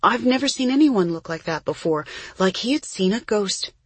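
A woman's voice: mid-range voice, lively intonation, moderate pace, slightly rough, dry recording, pitched above the performer's own voice. A woman voicing an earnest, sensitive young girl who plays violin, speaking eagerly and emotionally. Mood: awed.

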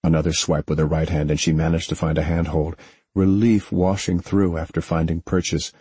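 A man reading a story aloud as a narrator, in a steady, measured way. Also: very deep voice, husky, dry recording. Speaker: audiobook narrator. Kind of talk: scripted narration.

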